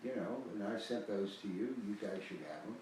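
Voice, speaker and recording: Older man, folksy and emphatic, rambling pitch, very echoey room, distant mic. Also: expressive, a little fast, a little hiss or hum. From United States. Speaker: host selling a foreclosure guide. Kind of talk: casual promotional talk.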